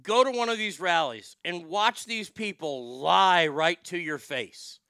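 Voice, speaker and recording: Heated sweary guy ranting on his show, bright sharp voice, dry close sound. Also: high-pitched, a little slow, clear, resonant tone, no room sound. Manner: profane, heated, sarcastic. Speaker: show host. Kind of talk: ranting commentary.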